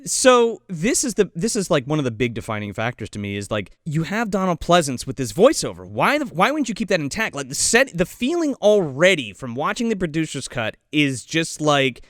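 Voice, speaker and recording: A man's voice: on the high side, sing-song, fairly quick, few pauses, fairly bright tone, no room sound, clean studio sound. A man co-hosting a casual movie review podcast, talking with profanity and mocking impressions. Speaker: podcast co-host.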